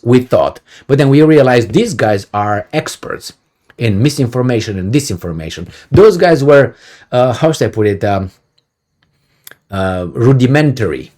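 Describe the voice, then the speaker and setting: This political commentator is a middle-aged man with a mid-range, darkish voice. His video commentary is heated and sarcastic, full of profanity and rhetorical questions.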